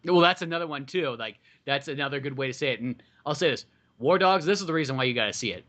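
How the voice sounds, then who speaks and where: A man's voice: medium pitch, expressive, fast talker, a bit bright. A man hosting a podcast, making his case in an emphatic, profane, casual way. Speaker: podcast host. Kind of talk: casual chat.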